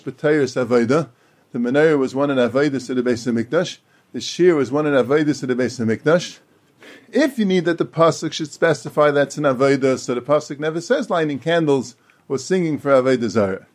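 A man teaches Talmud in a high, lively voice. His pitch swings widely as he explains the texts in a sing-song lilt. He quotes lines along the way as he reasons aloud. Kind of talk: Talmud lecture.

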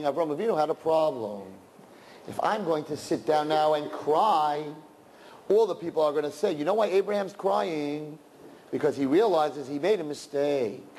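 Speaking in a large hall, a high-voiced male rabbi gives young listeners a lively sermon, alternating between loud and hushed and peppering it with Yiddish and Hebrew words.

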